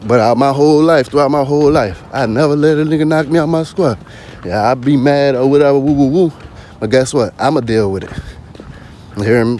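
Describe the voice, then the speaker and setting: A man's voice: mid-range voice, a little mellow, a little hiss or hum. A man vlogging in a casual spoken monologue, slangy and constantly asking "you hear me".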